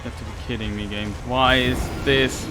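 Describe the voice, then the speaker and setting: A man's voice: mid-range voice, steady tone, a little fast. Frustrated male let's-play commentator, stumbling rants, light hiss behind him. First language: German. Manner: ranting, exasperated, repeats words when upset.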